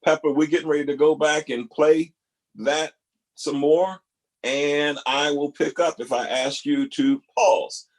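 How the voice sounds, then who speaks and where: A man hosting a talk, pausing video clips to reflect earnestly, repeating key phrases for emphasis. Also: a little high, steady tone. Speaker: host reacting to video clips. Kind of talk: reflective spoken commentary.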